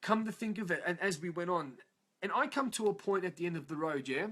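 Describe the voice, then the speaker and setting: Aussie male, emotional first-person storyteller, coarse and unpolished, voice a touch higher than most men. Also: expressive, brisk, a bit bright. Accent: Australian. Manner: raw, profane, emotional, frequent "yeah?" tag questions. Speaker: motivational vlogger.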